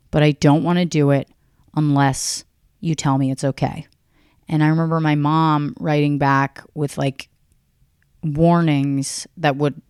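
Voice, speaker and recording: A woman in her thirties hosting a podcast, delivering a profane, deadpan, rambling solo comedy rant. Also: low-pitched, smooth, no echo, studio quality. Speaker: podcast host.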